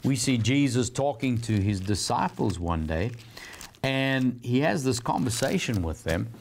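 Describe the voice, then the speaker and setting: A man's voice: medium pitch, sing-song, a little slow, creaky, a little mellow, slight background noise. Earnest man preaching a Bible teaching. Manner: earnest, reflective teaching with scripture readings. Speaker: pastor. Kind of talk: sermon.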